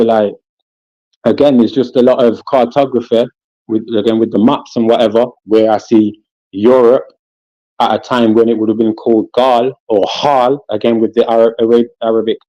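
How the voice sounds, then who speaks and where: British man for a casual podcast panel, animated and slangy, dry muffled sound. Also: mid-range voice, no echo. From England. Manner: animated, street slang, repeats "listen" and "you know what I'm saying".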